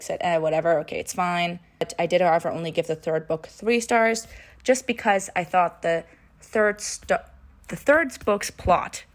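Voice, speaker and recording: A woman in a casual book-review vlog, chatty and dramatic, her voice jumping up in pitch for emphasis. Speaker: book vlogger.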